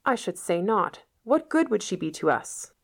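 A woman voicing a stern, sharp-tongued middle-aged woman who speaks curtly and reproachfully. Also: mid-range voice, very animated, moderate pace, creaky, pitched above the performer's own voice. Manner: curt, reproachful.

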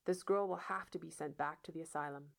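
A woman voicing a stern, sharp-tongued older spinster who speaks in a brisk, scolding way. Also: sits low, fairly even intonation, gravelly.

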